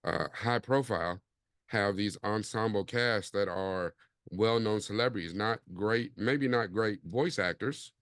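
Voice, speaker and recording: Low, smooth-voiced man hosting a podcast. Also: a little slow, fairly bright tone, no echo, clean studio sound. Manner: laid-back, rambling, frequent fillers. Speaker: podcast host. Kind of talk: casual podcast chat.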